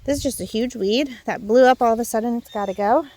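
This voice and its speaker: A woman's voice: fairly high pitch, fast talker, a little mellow, no room sound. A young woman gives a casual, rambling tour of her backyard garden while filming on a handheld phone, a little out of breath and full of fillers and self-corrections. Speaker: home gardener and channel host.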